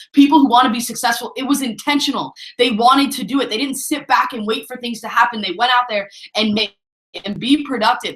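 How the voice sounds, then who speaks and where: Energetic woman coaching, echoey room. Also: fairly high pitch. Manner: pep-talk, repeats herself, keeps saying "guys". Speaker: network marketing trainer. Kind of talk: motivational training call.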